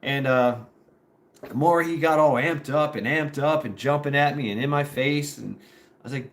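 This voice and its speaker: A man's voice: medium pitch, moderate pace. Rambling, profane male storyteller. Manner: rambling, profane, filler-heavy. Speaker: former Marine telling a story. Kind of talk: live storytelling.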